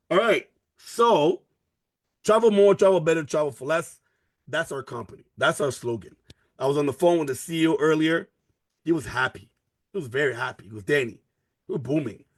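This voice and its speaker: A man giving a live online sales presentation for a network marketing business, pushing hard and repeating his key lines. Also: no room sound. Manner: energetic, pushy sales pitch with repeated phrases. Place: at a computer, sharing his screen in a live video call.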